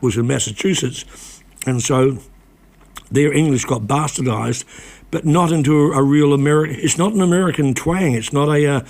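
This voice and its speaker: An older man, a former reporter, talking as a guest in a casual conversation, halting often with restarts and repeated words. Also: medium pitch, creaky, darkish tone.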